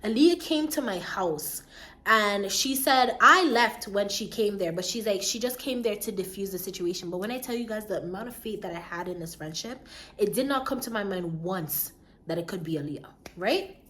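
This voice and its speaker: A young woman vlogger telling a personal story, animated, acting out the voices of the people in it. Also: mid-range voice, normal speed. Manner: animated, acts out voices, lively swings. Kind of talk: storytime vlog.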